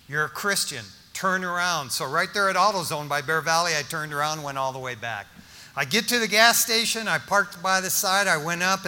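Preaching in a vast church hall that gives his voice a long reverb, an older man shares a testimony as a story. His delivery is high, piercing and very bright, animated and full of jokes, with restarts and dialogue he performs himself.

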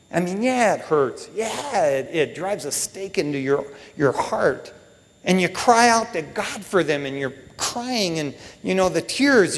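A middle-aged male pastor preaching in a folksy, heartfelt way, with "man" and "you know" all through. His voice sits a little high for a man and rings out with a long hall reverb, as if in a church. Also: creaky. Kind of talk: sermon.

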